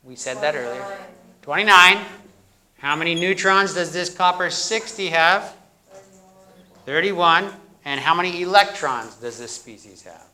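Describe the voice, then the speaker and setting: A man's voice: fairly high pitch, sharp tone. A male university lecturer teaching a classroom chemistry lecture, quizzing students and repeating their answers, with the odd corny joke. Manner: jokey, plays up corny jokes. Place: lecture hall.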